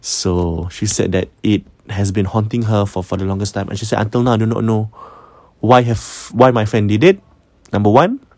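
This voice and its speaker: A man's voice: fairly low pitch, moderate pace, a little mellow, dry recording. A man with a Malaysian accent telling a creepy story in a casual podcast, mixing English and Malay, repeating and stumbling over words. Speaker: podcast host.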